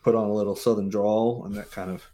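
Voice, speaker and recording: A man's voice: on the low side, fairly even intonation, fast talker, dark tone. An American man in his forties, a podcast guest, telling stories casually with many fillers and restarts. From Mississippi, USA. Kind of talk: casual interview storytelling.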